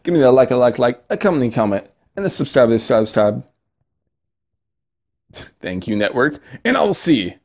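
A young man giving casual, excitable commentary over a mobile card game, chatty and giggly, with sudden yelps. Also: medium pitch, normal speed, long pauses.

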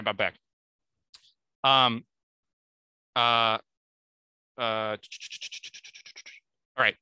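A young man with a strikingly bright, forceful voice, recorded close and dry with no room sound. He talks earnestly through scripture in a relaxed podcast style, reading verses with emphasis and stumbling over his own corrections. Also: lowish voice, dry recording. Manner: earnest, self-correcting, thinking aloud; reads scripture aloud with emphasis. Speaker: podcast speaker. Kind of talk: casual Bible discussion.

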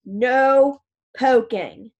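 A steaming-mad older man scolds two kids in a low hiss, clipped and demanding, as a woman reader puts him on. He sounds gruff and threatening in an audiobook reading. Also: moderate pace, fairly bright tone, highs cut off. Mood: angry. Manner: hissing, demanding.

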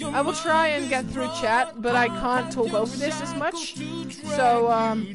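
Young woman, game streamer, high-pitched, flustered rambling, swears a lot, loud game music underneath. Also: a little slow. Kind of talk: live gameplay commentary.

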